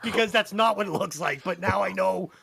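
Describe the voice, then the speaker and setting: A man's voice: high voice, a little fast, vocal fry, sharp tone. A man hosting a music podcast, telling stories in a profane, laughing, casual way. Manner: profane, laughing anecdote teller. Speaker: podcast host, album reviewer.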